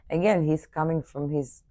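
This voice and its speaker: Low voiced woman chiming in on a podcast, thoughtful, pretty dry mic. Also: mellow, dry recording. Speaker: podcast co-host. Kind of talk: casual chat.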